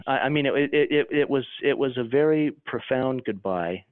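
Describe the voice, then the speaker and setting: An earnest man tells a personal story as an interview guest, stumbling and restarting as he searches for words. His voice sits at a middle pitch and comes through a thin, tinny phone line. The sound is dry, with no room around it. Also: dry recording. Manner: earnest, halting, many restarts. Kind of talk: emotional personal account.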